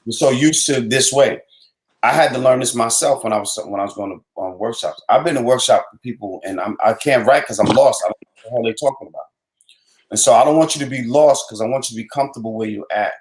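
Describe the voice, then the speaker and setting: Male host and writing coach, mid-pitched, relaxed, emphatic. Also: fast talker, rough recording. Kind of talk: casual chat.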